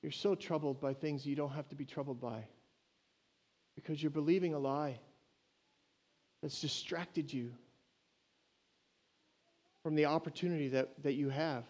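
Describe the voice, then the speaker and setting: A man doing a hushed, brokenhearted master. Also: fairly high pitch, steady tone, unhurried, pauses often. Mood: sorrowful. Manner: soft, hushed and sorrowful. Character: brokenhearted master grieving over his servant.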